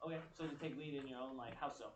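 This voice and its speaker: A man's voice: mid-range voice, fast talker, far from the mic, noisy background. A man giving a motivational keynote to students, telling stories and acting out what others said. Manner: storytelling, animated quoting of others. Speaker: motivational speaker. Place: large echoey room, speaking to an audience. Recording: echoey room, picked up from afar.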